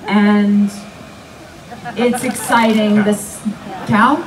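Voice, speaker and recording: Animated woman telling stories on a panel. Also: medium pitch, drawn-out words, crowd noise. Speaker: actress, panel guest. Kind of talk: live panel storytelling. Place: live fan event panel. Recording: distant mic with faint background noise.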